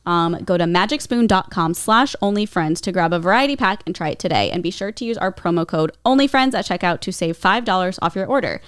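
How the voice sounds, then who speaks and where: A woman co-hosting a casual podcast, upbeat with quick reactions, who also reads the sponsor ads. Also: fairly low pitch, expressive, smooth, no room sound, clean studio sound. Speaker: podcast co-host. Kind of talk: casual podcast chat and host-read ad.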